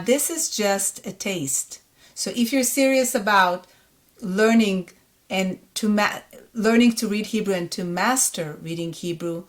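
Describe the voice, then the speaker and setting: A woman with an Israeli accent teaching a reading lesson, sounding out syllables slowly and repeating each word. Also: medium pitch. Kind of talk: slow, patient reading lesson.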